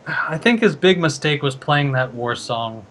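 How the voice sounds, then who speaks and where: A man's voice: fairly high pitch, animated, measured pace, a bit bright, a little hiss or hum. Analytical male card-game caster. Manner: analytical, thinks aloud with fillers. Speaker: esports caster. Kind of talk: play-by-play game commentary.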